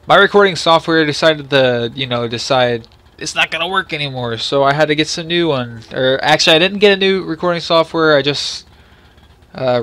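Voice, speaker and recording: A man's voice: medium pitch, bright, forceful tone, clear, resonant tone, dry recording. A man hosting a casual, unscripted game review, rambling and apologetic, with lots of fillers and restarts. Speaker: game reviewer, channel host.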